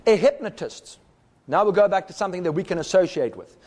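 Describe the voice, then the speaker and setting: A man's voice: high voice, lively intonation, brisk, darkish tone, big-room sound. A man giving a recorded teaching talk, explaining step by step and sounding out rhythms with his voice. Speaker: speaker.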